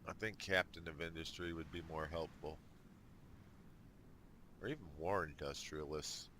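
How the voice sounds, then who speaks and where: A man's voice: a bass voice, moderate pace, pushed and bright, a little hiss or hum. A man giving casual let's play commentary on a strategy game, thinking aloud with dry jokes. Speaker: gamer.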